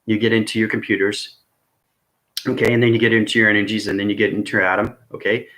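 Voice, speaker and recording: A man's voice: on the low side, flat delivery, fast talker, a bit bright. A man vlogging in a rambling, intense monologue, often checking in with his viewers by asking "okay?" and "right?". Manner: intense and earnest. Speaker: spiritual vlogger.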